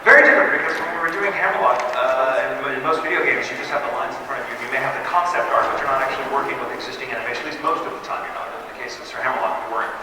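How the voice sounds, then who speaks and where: A man's voice: medium pitch, racing, few pauses, recorded from a distance. A man answering fan questions on a convention panel, telling jokey stories and acting out quoted lines. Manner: animated, jokey storytelling with quoted voices. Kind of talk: live Q&A panel talk. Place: convention hall with audience. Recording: echoey hall, mic heard from afar, noisy.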